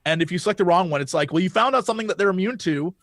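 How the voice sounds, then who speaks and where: A man with a notably high voice chats about games on a podcast. He is excitable and swears a lot, and he slips into acted-out dialogue as he talks. The sound is close and dry. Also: rapid-fire, dry recording. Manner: excitable, profane, acts out dialogue. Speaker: podcast guest. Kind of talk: casual chat about games.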